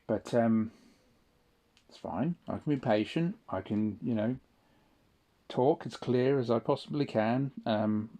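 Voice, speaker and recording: A man's voice: on the low side, warm tone. A young man delivering an indignant, sweary solo audio-log monologue, tagging his points with questions. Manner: indignant ranting, frequent tag questions and swearing. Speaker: vlogger.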